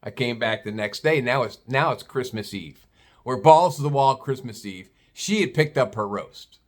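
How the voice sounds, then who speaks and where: A man's voice: medium pitch, normal speed. An older man, a retired butcher, telling a story bluntly with plenty of swearing in a casual vlog. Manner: blunt, profane, animated storytelling.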